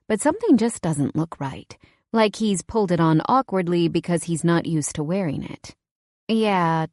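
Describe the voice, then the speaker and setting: Casting: woman narrator, low-pitched, wry first-person romance read, close dry studio sound. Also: dry recording. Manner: wry, conversational, expressive. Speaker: audiobook narrator.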